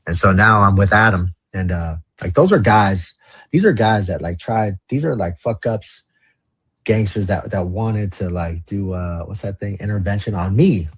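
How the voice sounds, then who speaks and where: A man's voice: lowish voice, normal speed, a bit bright, husky, dry recording. A man from the Los Angeles area, a podcast guest telling his story in casual, slang-heavy, profane talk. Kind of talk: storytelling interview.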